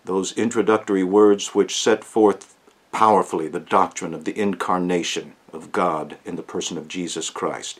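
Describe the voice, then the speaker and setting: Man, low voice, Bible teaching, earnest, emphatic, slows on key words. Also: steady tone, breathy edge. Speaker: pastor.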